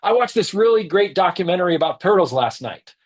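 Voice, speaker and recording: A man's voice: high-pitched, big pitch swings, fairly quick. A man giving an earnest teaching talk on leadership who stresses his key points by repeating them.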